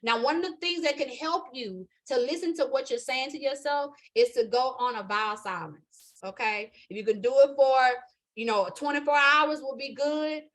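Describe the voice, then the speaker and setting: High-voiced emphatic woman teaching astrology. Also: moderate pace, fairly bright tone. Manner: emphatic and preachy, with frequent checks of "okay?"; repetitive, building emphasis. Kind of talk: live motivational spiritual class.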